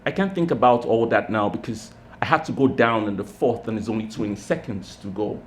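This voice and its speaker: A man at a pub open mic reading his own short story in a measured, literary way. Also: lowish voice, a little hiss or hum. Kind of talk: reading fiction aloud. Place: pub stage.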